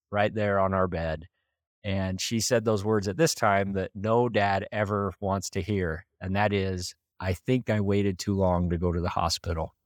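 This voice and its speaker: A man from Idaho in his thirties, a podcast host telling a heartfelt personal story in an earnest, warm-hearted way. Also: sits low, no room sound, clean studio sound. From Idaho, USA. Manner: earnest, heartfelt, with light laughs.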